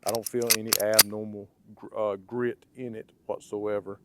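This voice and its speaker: A man with a raspy, hoarse voice from blocked sinuses gives a casual hands-on product review. He talks conversationally and ends his points with "okay?" and "right?". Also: lowish voice, level tone, normal speed, heavy background noise. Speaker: firearms reviewer.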